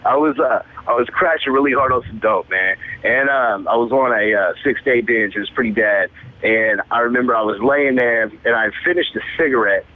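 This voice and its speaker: A young man in his twenties tells his story in loose, profane street slang, tacking "man" onto nearly every sentence. He speaks at a mid pitch as a rapper being interviewed. The sound is thin and tinny, like a phone line. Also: fairly quick. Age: 20s. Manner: laid-back, profane street slang, says "man" constantly. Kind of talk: casual storytelling.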